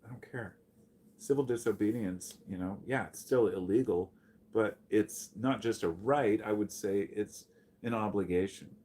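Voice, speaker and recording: A man's voice: fairly low pitch, moderate pace. A man talking bluntly and profanely on a casual livestream, reading and answering his chat. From United States. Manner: blunt, profane, animated when greeting chatters. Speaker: live streamer.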